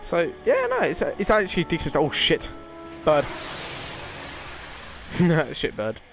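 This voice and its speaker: A man's voice: a little high, huge pitch swings, takes it slowly, creaky, rough recording. A young man giving sweary, offhand let's-play commentary as a gaming streamer. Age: young adult. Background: game music.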